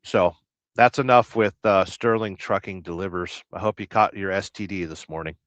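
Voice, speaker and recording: An American truck driver hosting a casual livestream, rambling through jokes and viewer comments with a deadpan, blustery manner. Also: male voice, low voice, normal speed, no room sound. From United States. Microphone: livestream mic. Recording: dry, dull lo-fi stream audio.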